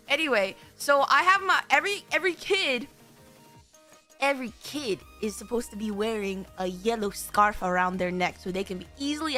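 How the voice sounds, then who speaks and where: A young woman with a high, sharp, bright voice tells a long story to her stream. She rambles, restarts and swears freely, jumping into little impressions of the people involved. Soft game music plays faintly behind her. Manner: animated, rambling, swears, acts out quotes. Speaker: VTuber streamer.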